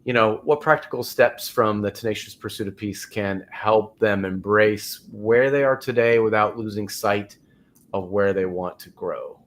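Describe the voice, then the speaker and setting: A man's voice: lowish voice, measured pace. A man hosting a podcast interview, talking casually with many fillers. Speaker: podcast host.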